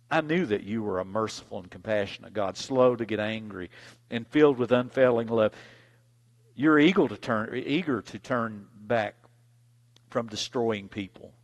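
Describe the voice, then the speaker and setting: A man voicing a resentful prophet who complains loudly and emphatically. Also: medium pitch, in a large hall, lightly acted.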